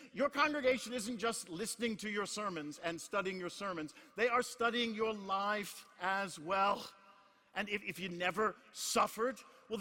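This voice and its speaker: Middle-aged male pastor, high pitched and piercing, hammers repeated phrases from a hush up to a shout; recorded with long hall reverb. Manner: emphatic, repetitive, swings from hushed to shouting. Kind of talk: sermon. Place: large conference hall.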